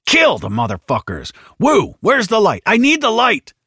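A man's voice: high voice, wildly swooping pitch, moderate pace, bright, forceful tone, slightly rough, no echo, clean studio sound, pitched above the performer's own voice, heavily acted. A man voicing a hardened male marine squad leader who bellows orders under fire. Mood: bellowing.

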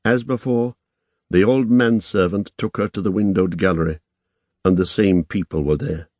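Deep-voiced man narrating a novel. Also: normal speed, darkish tone, no room sound. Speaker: audiobook narrator. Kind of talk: scripted narration.

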